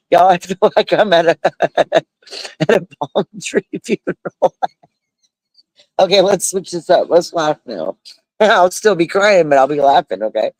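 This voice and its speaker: With a voice on the high side and a darkish tone, an older American man talks at a measured pace with long pauses during a heartfelt outdoor livestream at a beach resort. He rambles, laughs often and uses "y'all," and the phone recording is low quality without echo.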